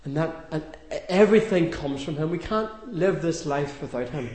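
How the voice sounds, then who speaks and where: A man's voice: fairly high pitch, expressive, moderate pace, darkish tone, roomy sound, slight background noise. A man giving a sermon in a chatty, homely storytelling manner with light humour. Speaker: preacher.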